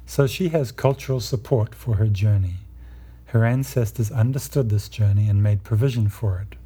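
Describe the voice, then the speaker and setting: A man with a very dark, mellow and somewhat husky voice, speaking in a low register. He lectures in a measured, explanatory way, walking listeners through ideas step by step. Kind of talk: lecture on myth and psychology.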